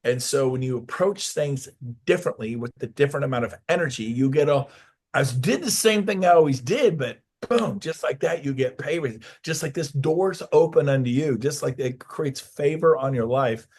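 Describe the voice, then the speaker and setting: A man's voice: mid-range voice, moderate pace, a little mellow, husky. A middle-aged man, a real estate coach, telling a personal story in a casual interview and acting out the voices of the people in it.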